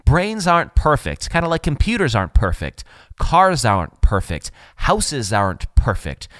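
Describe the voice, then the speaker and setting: A man's voice: medium pitch, wildly swooping pitch, moderate pace, fairly bright tone, no room sound. A man in his thirties from Wisconsin, a chatty, jokey podcast host telling stories. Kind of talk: casual monologue.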